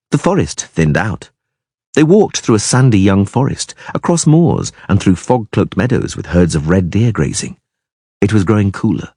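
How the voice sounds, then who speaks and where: Male audiobook narrator, lowish husky voice, very lively pitch, dry close sound. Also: moderate pace, no room sound. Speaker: audiobook reader.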